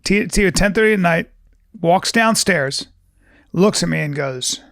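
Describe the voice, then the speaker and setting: A man's voice: high-pitched, animated, measured pace, creaky, fairly bright tone, dry recording, clean studio sound. A man chatting casually as a podcast host, telling playful comic stories and acting out the people in them. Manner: playful storyteller, acts out voices of people in his stories. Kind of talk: casual comedic chat.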